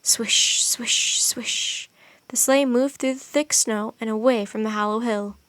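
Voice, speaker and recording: Expressive woman reading a children's story. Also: a little high, moderate pace, no echo. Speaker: narrator. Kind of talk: audiobook narration.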